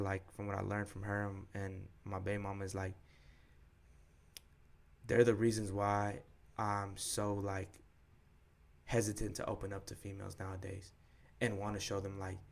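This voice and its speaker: Low, flat-voiced young man telling a story. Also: vocal fry. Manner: slangy, profane, frank retelling with quoted dialogue. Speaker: podcast co-host. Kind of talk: candid personal storytelling.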